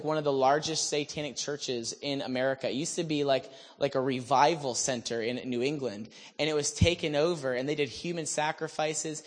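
A man preaching, telling a testimony story in an animated way that swings from hushed asides to shouted lines. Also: a little high. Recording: long hall reverb.

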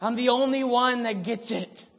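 A man voicing a despairing male prophet, loud and whiny with self-pity. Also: normal speed, creaky, in a large hall, exaggerated voice. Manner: high, loud, whiny complaint.

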